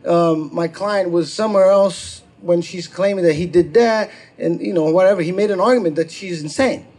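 A man doing stand-up, telling a long profane story and acting out the people in it, with shouted quotes. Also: high-pitched, normal speed. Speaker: stand-up comedian. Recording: live crowd laughter. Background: audience laughter.

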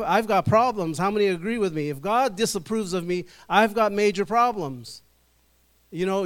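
A middle-aged male pastor preaching a sermon in church, drawing the congregation into call and response and slowing down to stress key words. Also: high voice.

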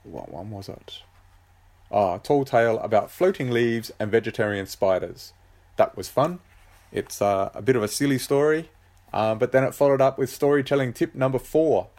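A man's voice: medium pitch, normal speed. A man who writes books, talking casually on his own show, hesitant and full of ums and uhs. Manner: relaxed, rambling. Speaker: author and podcast host. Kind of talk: casual solo chat.

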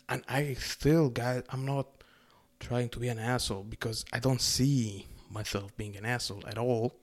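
Young Middle Eastern-born man, mid-pitched, profane sarcastic rant straight to the audience. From Middle East. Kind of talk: casual rant to camera.

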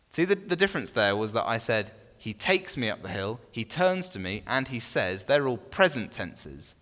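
A man's voice: mid-range voice, very animated, moderate pace, few pauses, fairly bright tone. Man teaching a Bible study group in a reverberant room. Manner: conversational, with frequent restarts and questions to the group. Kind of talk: informal teaching to a small group.

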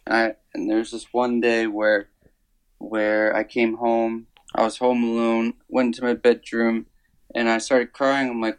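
A man speaking as an interview guest, telling a personal story slowly and earnestly, with many pauses and fillers. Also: medium pitch, flat delivery, clear, resonant tone, low-quality recording. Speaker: worship songwriter guest.

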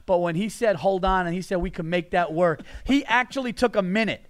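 A man's voice: sits high, a little fast, dry recording. A man hosting a comedy podcast, telling loose, profane stories and laughing hard. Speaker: podcast host. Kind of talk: casual comedy podcast chat. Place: festival podcast recording.

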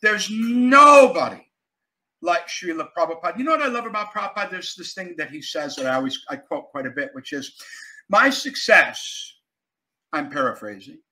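Older male character actor as guest, bright and forceful, lively storyteller. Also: a little high, fast, few pauses, low-quality recording. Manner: animated storyteller, emphatic, jumps between loud and quiet. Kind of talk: casual interview chat.

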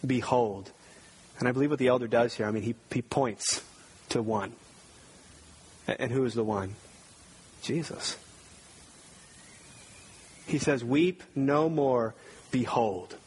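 A man's voice: medium pitch, unhurried, pauses often, slight background noise, rough recording. A man preaching a sermon as pastor, talking conversationally with frequent restarts and building to emphatic readings of scripture.

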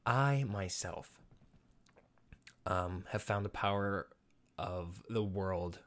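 A man putting on a halting, earnest meditation devotee. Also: low-pitched, a bit bright, pitched below the performer's own voice. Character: skinny man pitching meditation for donations.

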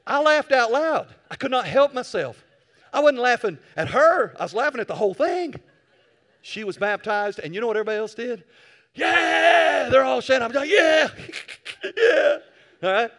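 A male pastor preaching a sermon, telling stories with animated swings from quiet asides to loud bursts. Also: extremely high pitch, brisk.

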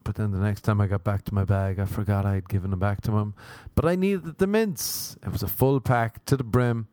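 A man's voice: fairly even intonation, fast, mellow, dry recording. An Irish man hosting a podcast alone, rambling through a comedic monologue full of swearing and self-mockery. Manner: rambling, profane, self-mocking, with sudden jumps in pitch. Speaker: podcast host. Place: Los Angeles.

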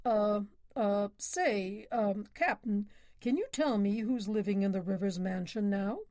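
A woman's voice: mid-range voice, measured pace, darkish tone, no room sound, studio quality, natural voice. A woman reading the lines of a bold young racing driver in an earnest, direct way.

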